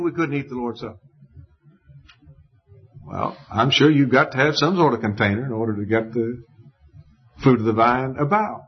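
Husky-voiced preacher, emphatic, lo-fi. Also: male voice, normal speed, long pauses. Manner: emphatic, pitch jumps up to stress points. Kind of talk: sermon. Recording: dull lo-fi recording.

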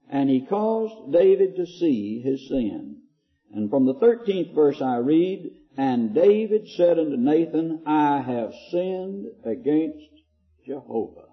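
Guy preaching a sermon, highish voice that jumps around a lot, muffled old tape sound. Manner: reads scripture aloud in a slow, deliberate cadence.

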